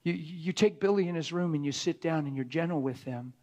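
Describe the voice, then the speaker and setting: A middle-aged man preaching in a conversational sermon, often dropping to a hushed whisper for emphasis. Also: fairly high pitch, fairly quick.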